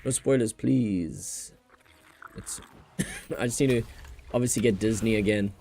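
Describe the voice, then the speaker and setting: A man's voice: on the low side, a little slow, gravelly, warm tone, slight background noise. A man with a New Zealand accent hosting a casual gaming livestream, rambling and joking as he talks and laughs often.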